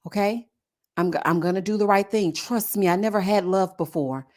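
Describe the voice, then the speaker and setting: A woman hosting a casual live stream, talking about a dating show in a sassy, animated way with frequent laughing asides. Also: mid-range voice, normal speed. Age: adult with a child. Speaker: YouTube host reviewing a reality dating show.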